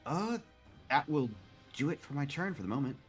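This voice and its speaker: A man's voice: on the high side, animated, moderate pace, soft background music. A man playing a tabletop game, hesitantly describing his character's actions with many fillers. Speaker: player.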